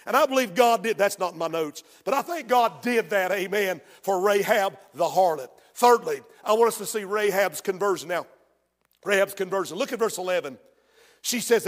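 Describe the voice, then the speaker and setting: A man preaching a sermon as pastor, telling a personal story in a hushed voice and then rising into shouted preaching. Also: sits high, animated, moderate pace. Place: church sanctuary. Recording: long reverb of a large hall.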